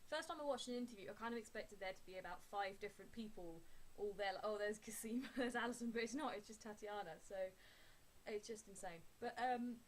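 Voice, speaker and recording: A woman's voice: mid-range voice, a little fast, slight background noise. A young woman vlogging in a casual, rambling way, full of fillers and restarts. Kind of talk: casual chat.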